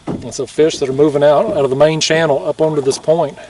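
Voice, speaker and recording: A man, chatting excitedly in a fishing vlog from a kayak on open water at night, laughing often and out of breath. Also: fairly high pitch, a little fast, recorded from a distance, slight background noise. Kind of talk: casual vlog narration.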